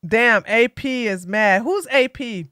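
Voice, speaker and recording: A woman's voice: fairly high pitch, slow, a bit bright, smooth, no room sound, clean studio sound. A woman hosting a live stream, giving chatty, sarcastic commentary that rambles along. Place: home in Georgia.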